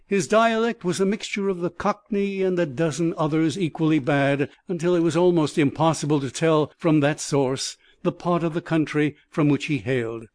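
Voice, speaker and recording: Brief: male audiobook reader, slightly high voice, dry close recording. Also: moderate pace, hardly any pauses, darkish tone, no echo. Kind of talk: first-person audiobook narration.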